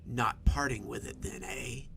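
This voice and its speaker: Sinister inhuman stranger, played by a man: raspy, wheezing half-whisper, smug menace, for a horror story reading. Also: mid-range voice, fairly even intonation, unhurried, noisy background. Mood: taunting. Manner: smug, taunting. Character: sly menacing uncanny male stranger.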